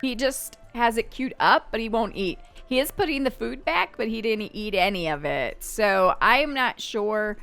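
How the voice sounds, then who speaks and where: A woman's voice: on the high side, unhurried, vocal fry, hardly any pauses, soft background music. Chatty woman narrating a game. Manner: chatty, expressive, talks to the game. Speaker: game streamer. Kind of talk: casual let's-play narration.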